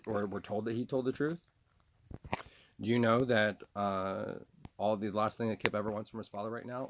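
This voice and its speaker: Low gravelly man, halting monologue. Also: slight background noise. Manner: repeated rhetorical questions with halting fillers and restarts. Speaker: video blogger. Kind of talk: rambling monologue to camera.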